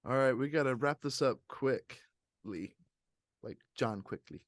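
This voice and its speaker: Male podcast host, mid-range voice, rambling and animated, dry close mic. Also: mid-range voice, a little slow, no echo. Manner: animated and rambling, laughs often. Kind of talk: casual movie review chat.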